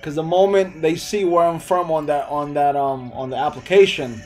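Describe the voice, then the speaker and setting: A man's voice: on the high side, normal speed, soft background music, low-quality recording. Laid-back young man. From Hempstead, New York. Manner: loose, rambling, laughs often, answers chat. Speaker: live streamer. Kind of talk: casual live-stream chat.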